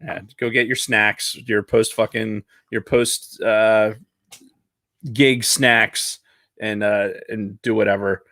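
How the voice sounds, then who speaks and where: A man co-hosts a podcast in relaxed casual chat, his voice sitting a bit low. The sound is dry and close, and he rambles, restarts and swears along the way. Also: gravelly, no echo. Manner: rambling, profane, halting restarts. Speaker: podcast co-host.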